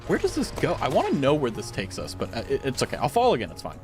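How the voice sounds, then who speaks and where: A young man streams a game from home, chatting casually into a studio dynamic mic with music in the background. His mid-range voice moves quickly and swings wildly in pitch, and his talk is rambling, giggly, and packed with fillers.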